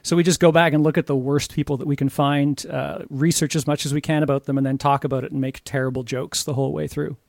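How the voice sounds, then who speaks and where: A man's voice: on the high side, flat delivery, fast talker, gravelly, few pauses, a little mellow, no room sound. Chatty Canadian-raised man, dry sound. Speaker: podcast guest. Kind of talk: casual podcast chat.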